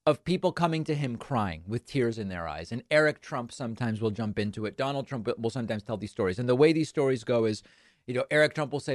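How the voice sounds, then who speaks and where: A man's voice: medium pitch, lively intonation, fast talker, dry recording, studio quality. A man hosting a political talk show, incredulous and sarcastic, often restarting his sentences, also reading sponsor ads. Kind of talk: solo political commentary and ad reads.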